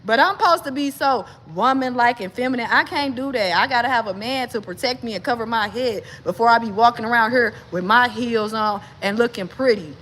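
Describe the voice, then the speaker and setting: A woman's voice: fairly quick, hardly any pauses. A woman speaking an emphatic personal monologue to camera, talking straight to her viewers. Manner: grows agitated and loud, pitch climbing. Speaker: vlogger.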